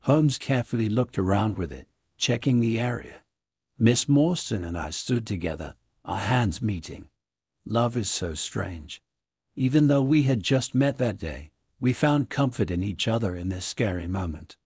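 A man reading a classic story aloud as scripted narration for English learners, in a clear, even way. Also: fairly low pitch, normal speed, no room sound, clean studio sound.

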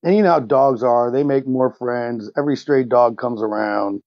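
A man's voice: mid-range voice, normal speed, dry recording. A man playing a tabletop game, describing his hero's actions in a blunt, casual way. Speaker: player. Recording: slightly muffled lo-fi audio.

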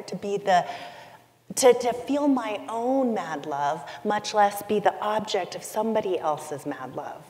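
A middle-aged woman giving a keynote talk, telling a personal story in a confessional, emotive way with deliberate pauses. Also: lowish voice, expressive. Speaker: keynote speaker. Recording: long hall reverb.

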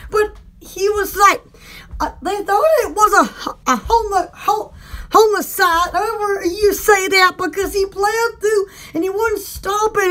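Very high-pitched, giggly woman host. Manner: excitable and giggly, coos and hums often; blows kisses to viewers. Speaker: live-stream shopping host. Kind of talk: casual live-stream chat with viewers.

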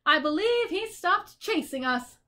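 A woman voicing a self-important male humbug, a large bug, who speaks loudly. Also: very high voice, lively intonation, measured pace, pitched above the performer's own voice, full character voice. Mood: pompous.

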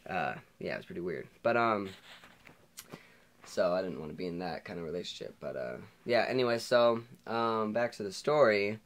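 A teenage boy with a fairly low voice rambles through a high school story, constantly circling back and correcting himself. He talks in a loose storytime vlog manner, heavy with filler words. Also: expressive, normal speed. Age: teens. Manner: rambling, many fillers and restarts. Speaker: vlogger. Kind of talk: storytime monologue.

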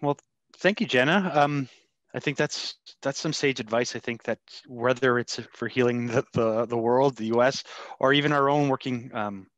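A man's voice: mid-range voice, normal speed, a bit bright, no room sound, dull audio. A man hosting a video-call session who speaks in an enthusiastic way with many fillers. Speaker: host.

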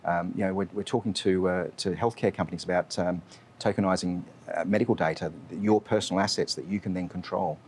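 Fast-talking deep-voiced man. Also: steady tone, a little hiss or hum. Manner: hesitant, heavy with fillers. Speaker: chief strategy officer. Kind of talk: interview answers.

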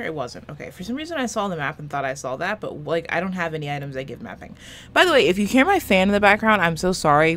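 In a small room with a fan running, a gaming YouTuber in her twenties gives casual let's-play commentary. Her voice is on the low side and a bit bright, and she rambles, swears often, and makes fun of herself.

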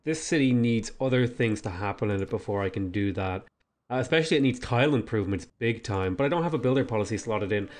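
A man's voice: lowish voice, fast talker. A man hosting a strategy game let's play, thinking aloud in casual commentary and talking back to the game's units.

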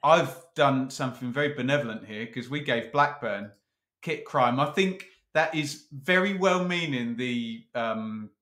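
A man hosting a casual chat, teasing his co-host in a playful, brisk way. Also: medium pitch, fairly bright tone, reverberant. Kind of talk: casual chat ranking football kits.

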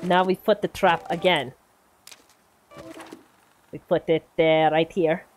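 A woman's voice: low-pitched, little pitch movement, slow pace, faint music behind. A woman voicing a blunt, dramatic Russian-accented persona in broken clipped phrasing, playing it up for joking game commentary. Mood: mock menace. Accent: put-on Russian. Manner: clipped broken grammar, mock menace.

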